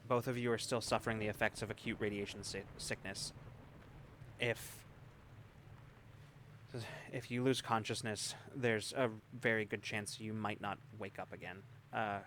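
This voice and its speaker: A man voicing a calm, clinical female medic. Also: on the low side, moderate pace, a little hiss or hum, natural voice. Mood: serious. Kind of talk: tabletop role-play voicing.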